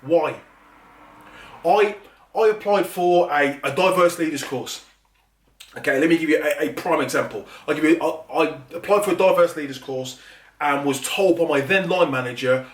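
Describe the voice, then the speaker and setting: A man speaks earnestly to the camera, and his emphatic delivery builds into anger. His voice sits a bit high for a man. He is heard from some distance in a roomy, echoey space. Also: moderate pace. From England. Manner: earnest, rising to emphatic and angry. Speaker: teacher and middle leader. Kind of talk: impassioned monologue to camera. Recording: echoey room, away from mic.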